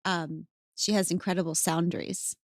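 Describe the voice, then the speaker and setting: Animated, playful woman podcast host. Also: on the low side, normal speed, dry recording, studio quality. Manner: animated and playful, acting out stories. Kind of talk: casual chat.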